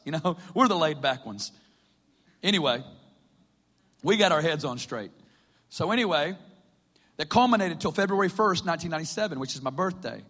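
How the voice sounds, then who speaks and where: A man's voice: a little high, lively intonation, a little fast, fairly bright tone, big-room sound. A man preaching, telling his testimony as a chatty story and laughing often along the way. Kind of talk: personal testimony sermon. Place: stage in a hall.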